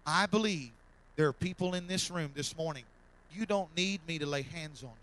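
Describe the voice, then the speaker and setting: Fervent preacher, bright tone. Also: male voice, fairly high pitch, moderate pace, poor audio. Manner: fervent, repetitive preaching that swells loud then drops soft. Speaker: pastor. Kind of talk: sermon. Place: church sanctuary.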